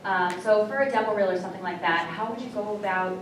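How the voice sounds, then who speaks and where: A hesitant woman asks a question from the audience and stumbles over her words as she goes. She stands far from the mic, and the hall echoes heavily. Steady noise runs under her voice. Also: mid-range voice, fast talker. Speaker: fan asking a question. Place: convention hall.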